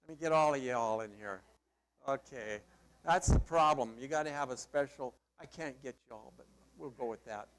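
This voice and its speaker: A man's voice: medium pitch, normal speed. A middle-aged male pastor preaching a sermon in a conversational, emphatic way with playful asides.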